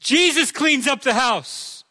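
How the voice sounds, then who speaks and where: A man's voice: very high voice, lively intonation, takes it slowly, bright, forceful tone. A male pastor preaching a sermon in a conversational way, with touches of humor.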